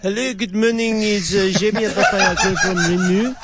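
A man putting on a heavy French accent to play a smooth, overly polite male car company boss, talking slowly and deliberately as a prank caller. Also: high voice, very noisy, pitched above the performer's own voice, close to an everyday voice. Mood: phony polite. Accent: put-on French.

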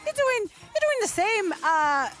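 Brief: high, animated woman, radio co-host, emphatic mock-preacher scolding, faint music. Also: unhurried. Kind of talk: joking mock-sermon banter. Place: radio studio.

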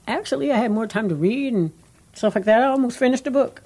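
Husky woman in earnest faith chat. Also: fairly high pitch, fast talker. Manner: rambling and earnest, trailing into soft asides. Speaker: co-host. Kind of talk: casual faith talk.

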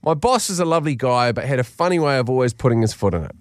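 Man, podcast co-host, animated storytelling, laughs often, close dry mic, middle pitch. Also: rapid-fire, no echo. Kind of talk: reading a listener story aloud.

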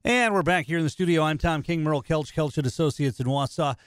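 Man, radio host, fast, brisk, dry studio sound. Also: a little high, clear, resonant tone, no room sound. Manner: brisk, announcing breaks and phone numbers. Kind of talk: radio call-in talk.

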